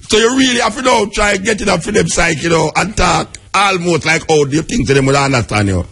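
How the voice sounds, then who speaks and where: Very raspy Jamaican man, lively pitch. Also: brisk. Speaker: radio host. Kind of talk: radio talk and commentary.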